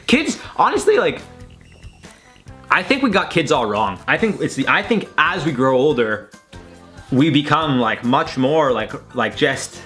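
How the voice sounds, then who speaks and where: A fairly high-voiced man talks in a loose, rambling way, swearing casually as he reacts to tweets. He sounds like he is in his room at home. Soft music plays faintly underneath. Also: big pitch swings, a little slow. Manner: rambling, chatty, swears freely. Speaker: host.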